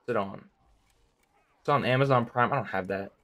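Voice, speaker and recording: A young man with a medium-pitched, fairly bright voice talks fairly quickly while streaming a game live, and there's no room sound. He rambles casually in slang, laughs often, and calls everyone "bro" constantly.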